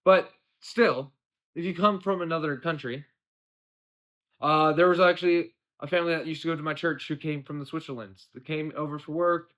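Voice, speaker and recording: A man's voice: on the high side, fairly even intonation, moderate pace, a bit bright. A young American man hosting a casual political commentary show, rambling and drifting off on tangents. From United States. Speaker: podcast host.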